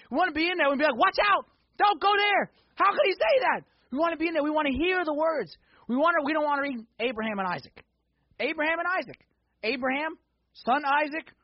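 High, husky-voiced preacher. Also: male voice, muffled recording. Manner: swings from hushed intensity to loud excited exhortation. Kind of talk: sermon. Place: church sanctuary.

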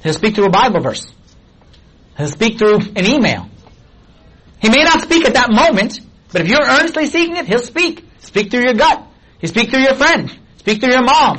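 A man in middle age preaches to his congregation with a husky, breathy edge to his voice. He speaks in a high register and keeps firing questions at his listeners in a loose, animated way. The tone stays conversational throughout. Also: low-quality recording. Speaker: pastor. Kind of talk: sermon.

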